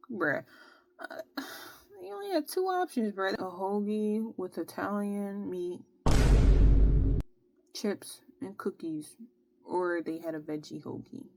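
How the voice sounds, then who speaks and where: A young woman casually telling a long personal story, animated and exasperated, with plenty of slang. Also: medium pitch, slow, vocal fry, pauses often. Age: young adult. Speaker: vlogger.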